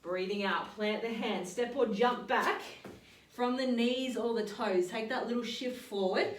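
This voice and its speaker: A woman leading a yoga and strength workout, calmly cueing each move and breath. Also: on the high side, a little slow, far from the mic, slight background noise. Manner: calm step-by-step cueing with breath counts. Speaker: fitness and yoga instructor. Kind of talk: guided workout instruction. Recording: roomy sound, voice off-mic.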